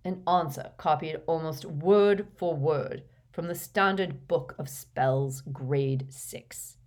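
A woman voicing a cold, sneering male professor in an audiobook reading, speaking in a slow, dismissive, cutting manner. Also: low-pitched. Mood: cold disdain.

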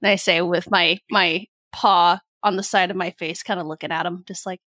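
A woman's voice: on the low side, steady tone, normal speed, bright, forceful tone, dry recording, clean studio sound. A woman playing a tabletop role-playing game, hesitant and giggly. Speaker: player. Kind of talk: tabletop role-play chat.

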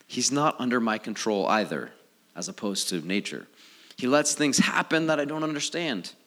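Bright-voiced man preaching a lively sermon. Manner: animated, swings from low and soft to loud and high. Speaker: pastor.

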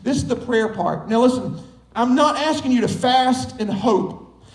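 High-voiced pastor preaching in an echoey hall. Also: male voice, lively intonation, a little slow. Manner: emphatic, building with repetition. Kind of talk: sermon.

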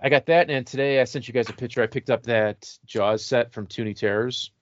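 A man's voice: mid-range voice, fairly quick, highs cut off. A man co-hosting a podcast, chatting casually and rambling with lots of filler words. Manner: relaxed, rambling with many "like" fillers. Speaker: podcast co-host. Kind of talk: casual chat about horror toys.

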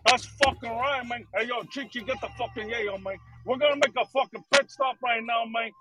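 A man's voice: very high-pitched, a little fast, over loud music. A man putting on a swaggering gangster drug lord, swearing and saying "man" after every line. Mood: boastful. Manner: tough-guy swagger, swears constantly, says "man".

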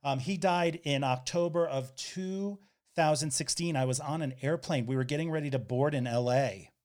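A man with a fairly high voice hosts a casual podcast chat. He tells hard personal stories candidly and wryly. He slips into quoted voices along the way. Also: moderate pace, darkish tone. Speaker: podcast host.

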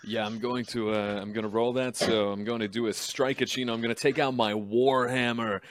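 A man's voice: medium pitch, fairly even intonation, fairly quick. A man playing a tabletop game, chatting casually and joking between turns. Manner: laughs often and jokes. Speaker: player.

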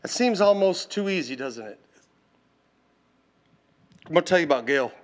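A man preaching a sermon, impassioned and exhorting, swinging from loud intensity to hushed tones. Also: on the high side, animated, normal speed.

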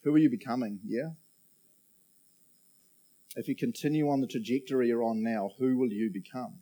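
Here a man gives an informal sermon at a moderate pace, his mid-range voice warm. Chatty and playful, he pauses to check in with the crowd after almost every point.

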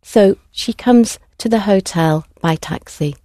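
A woman teaching a language class, prompting students clearly and patiently. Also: mid-range voice, takes it slowly, mellow, no echo, clean studio sound. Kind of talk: classroom instruction.

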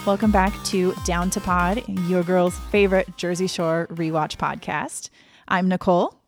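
Chatty low-voiced woman podcast host. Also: normal speed, faint music behind. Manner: chatty, animated retelling. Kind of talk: casual chat, TV show recap.

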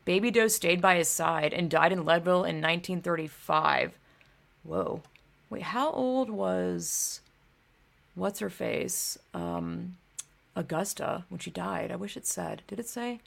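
A woman's voice: fairly low pitch, lively intonation, unhurried, creaky. A young adult woman hosting a casual livestream, rambling and swearing with many fillers while she talks to chat. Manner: rambling, profane, filler-heavy. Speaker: livestream host.

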